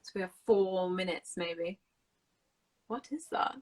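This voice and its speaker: A woman's voice: on the low side, measured pace, low-quality recording. A woman chatting casually on an English-learning live stream, explaining slang words with many "like" fillers.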